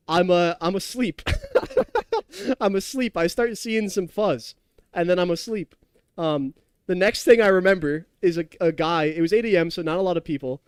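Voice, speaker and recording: A man's voice: sits high, a little mellow, no echo, studio quality. A young man streaming a game, chatting loosely and telling stories to his chat while tipsy. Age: young adult. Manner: rambling, laughing, storytelling, reading chat. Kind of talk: casual live-stream chat while gaming.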